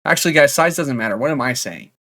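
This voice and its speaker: A man's voice: medium pitch, expressive, fast talker, sharp tone. A man doing comedic reaction commentary on creepy messages, sarcastic, laughing often and swearing.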